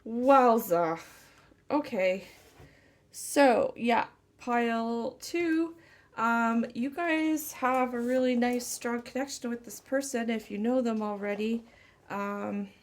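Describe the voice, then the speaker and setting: A woman tarot reader speaking a channeled message slowly and tenderly, close to tears. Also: on the high side. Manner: slow, tender, emotional. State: tearful.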